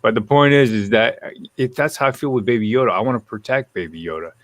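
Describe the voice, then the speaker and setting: A man hosting a casual live-stream chat, telling animated, profane stories and reading out viewer comments. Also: medium pitch, fast, no room sound.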